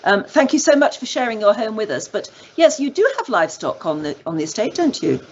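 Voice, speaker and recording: Female interview host, expressive delivery, reads viewer questions. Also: a little high, fairly quick, slightly rough. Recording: dull lo-fi audio.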